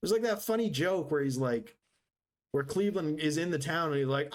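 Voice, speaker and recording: Here a man with a fairly high voice talks a little fast over some background noise. He's streaming a game live, bantering loosely with his audience in a sarcastic, joking, meandering way.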